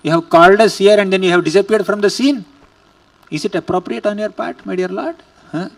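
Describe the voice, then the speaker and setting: A man's voice: high voice, a little fast, vocal fry, distant mic, pitched above the performer's own voice. A man voicing young women devotees who plead and reproach their beloved Lord.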